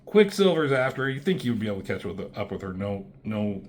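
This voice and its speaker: A man's voice: on the low side, sing-song, fast talker, slight background noise. Rambling, foul-mouthed man reviewing comics. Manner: rambling, profane, many fillers and restarts. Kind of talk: casual commentary on comic pages.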